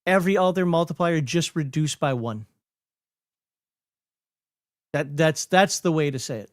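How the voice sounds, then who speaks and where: A man with a Minnesotan accent talks through game rules on a casual livestream. His voice sits a bit high and sounds dry and close. He rambles, corrects himself mid-thought and laughs often. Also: measured pace, no echo. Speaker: host explaining game rules.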